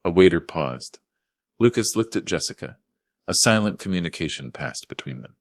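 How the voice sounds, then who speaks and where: A man narrating a dramatic first-person story in a grave, forceful way. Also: sits low, expressive, normal speed, no room sound, studio quality.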